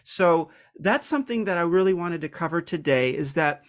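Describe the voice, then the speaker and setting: A man with a slightly higher-pitched voice talks through a personal topic in a relaxed, reflective monologue. He speaks candidly and hesitates often, filling gaps with ums and restarting his sentences. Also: normal speed.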